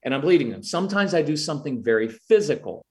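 Fast and darkish in tone, this man's fairly high voice swings widely in pitch as he, a middle-aged parenting expert, answers interview questions. He explains earnestly and at times performs the words he'd say to kids and parents.

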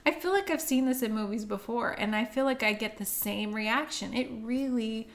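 A woman's voice: on the high side, lively intonation, moderate pace, hardly any pauses, fairly bright tone. A woman co-hosting a casual film-review chat, chatty and laughing often, with frequent fillers. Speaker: podcast co-host.

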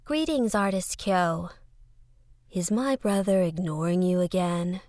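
A woman voicing a gentle young female giant larva with a lifted voice. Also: on the low side, unhurried, no echo, clean studio sound, natural voice.

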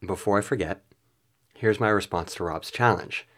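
A man's voice: low voice, normal speed, fairly bright tone. A man hosting a podcast, reading a reflective, self-deprecating outro. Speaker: podcast host.

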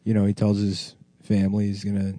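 Low, mellow man joking deadpan. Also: a little fast, no echo. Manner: deadpan, dark absurd tangents. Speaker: podcast co-host. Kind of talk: crude comedic podcast banter.

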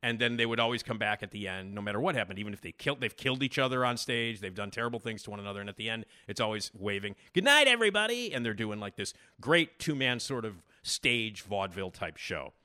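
Rambling male podcast host, bright voice. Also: on the low side, fast, hardly any pauses. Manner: rambling, many fillers. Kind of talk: casual commentary.

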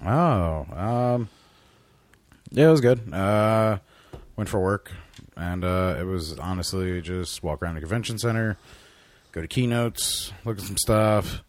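A man's voice: lowish voice, unhurried, dry recording. A man, co-hosting a podcast in casual chat, sounding sick and telling stories with lots of swearing. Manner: swears a lot, animated storyteller. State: sick, deep-voiced. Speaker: podcast co-host.

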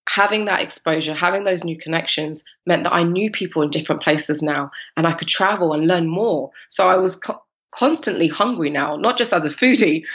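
A woman from East London in her thirties with a London accent, telling her story as a podcast guest in an animated, laughing way. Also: lowish voice, muffled recording. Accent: London English. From East London, England. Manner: animated, laughing, acts out her past self in quotes. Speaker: guest, cupcake business founder.

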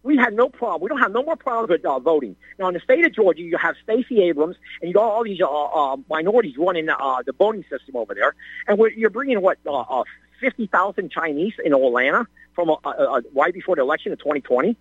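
Excitable older man calling in, stammering. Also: high voice, fast, slightly rough, no room sound, dull audio. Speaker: caller. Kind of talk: ranting call-in talk.

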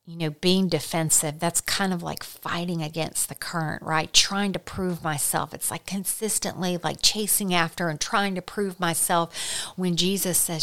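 Lowish-voiced woman teaching bible stuff, earnest, chatty, drags out the big lines. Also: fairly even intonation, fairly bright tone. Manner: earnest, slows down for emphasis. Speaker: Christian teacher. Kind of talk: conversational sermon.

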